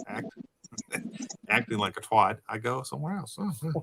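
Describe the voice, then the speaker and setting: Southern man chatting, bright and lively. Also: medium pitch, moderate pace, vocal fry, husky. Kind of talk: casual chat.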